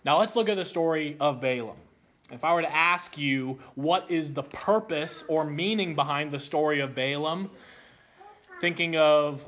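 A man preaching a sermon, telling a childhood story with animated delivery before explaining a Bible passage. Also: fairly high pitch, unhurried. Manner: animated storytelling, acts out voices.

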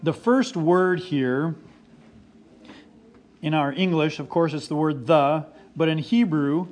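Male pastor, 40s, fairly high voice, earnest sermon delivery with repeated emphasis.

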